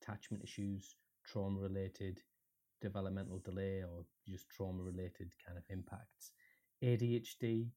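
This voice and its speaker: A man's voice: deep voice, little pitch movement, normal speed, warm tone. A man co-hosting a podcast over a call, thoughtful and self-questioning, with false starts. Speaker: podcast co-host. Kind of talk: casual podcast chat.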